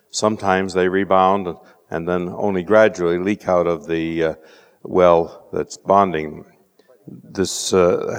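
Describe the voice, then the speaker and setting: Measured male lecturer in a reverberant hall. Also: deep voice. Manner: measured, dry wit, frequent uh fillers. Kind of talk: scientific lecture.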